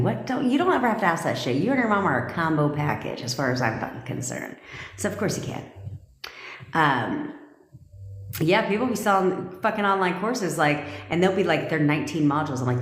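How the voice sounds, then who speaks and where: A woman's voice: deep voice, animated, normal speed. A woman coach talking casually and bluntly to her livestream viewers, swearing freely and laughing often, recorded on a phone at home. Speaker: manifestation coach. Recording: echoey room.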